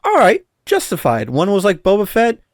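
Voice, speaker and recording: A man's voice: high-pitched, wildly swooping pitch, moderate pace, no echo, studio quality. A man co-hosting a podcast, ranting in casual chat and swearing a lot. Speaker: podcast co-host.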